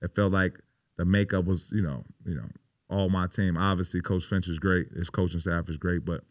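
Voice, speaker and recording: A man's voice: deep voice, steady tone, normal speed, dry recording, clean studio sound. A man in his thirties, a pro basketball player guesting on a podcast, telling stories in a casual, emphatic way with lots of swearing and "you know" fillers. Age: 30s. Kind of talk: casual interview storytelling.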